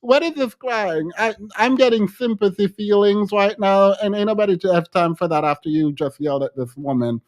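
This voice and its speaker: A woman's voice: medium pitch, normal speed, few pauses, a little mellow, no echo. Woman podcast host, playful and mocking, always laughing, dry close mic. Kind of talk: casual reaction commentary.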